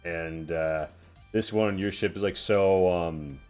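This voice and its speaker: A man narrating a tabletop role-playing game as game master, telling the scene in a halting way with many fillers and restarts. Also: low voice, steady tone, soft background music.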